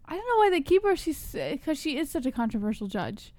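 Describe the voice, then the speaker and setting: A woman co-hosting a fight reaction stream, dropping relaxed, chatty side comments. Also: sits high, quick pace, no echo. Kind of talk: casual chat.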